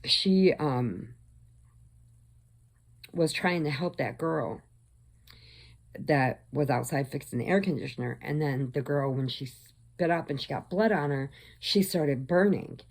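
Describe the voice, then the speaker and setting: A woman's voice: low-pitched, expressive, unhurried, gravelly, pauses often. A woman hosting a crafting channel, telling a story in a rambling, conversational way with frequent restarts. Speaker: crochet channel host. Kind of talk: casual storytelling chat.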